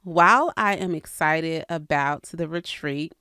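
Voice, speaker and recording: A woman's voice: low voice, a little slow, bright, forceful tone, smooth, no room sound, studio quality. A woman hosting a casual podcast monologue, talking candidly and earnestly to her listeners about faith and business. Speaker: real estate coach and podcast host.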